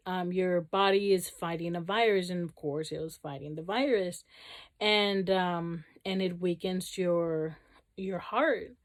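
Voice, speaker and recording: A woman vlogger telling a personal story to camera, casual and rambling, with many fillers and restarts. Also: medium pitch.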